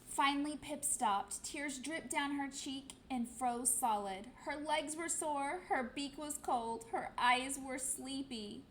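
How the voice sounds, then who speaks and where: A woman's voice: high-pitched, slow pace, few pauses, a bit bright, slight background noise, low-quality recording. A woman teacher reading a storybook aloud expressively, acting out sound effects.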